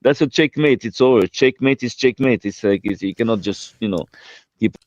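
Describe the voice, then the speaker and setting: Brief: halting man, mid pitch, dry and slightly muffled line. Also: no echo. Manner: hesitant, repeats words, many fillers. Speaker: debate participant. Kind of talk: casual online debate.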